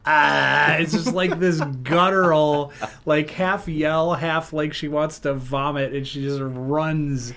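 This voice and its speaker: Animated man telling stories. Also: on the high side, takes it slowly, hardly any pauses, slight background noise. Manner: animated storyteller, lively retellings. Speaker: podcast host. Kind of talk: casual chat.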